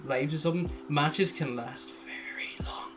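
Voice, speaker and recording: A man's voice: fairly high pitch, a little slow, whispered, over music. Rambling young man, casual chat. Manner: rambling, chuckling, trails off into mumbles. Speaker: podcast co-host.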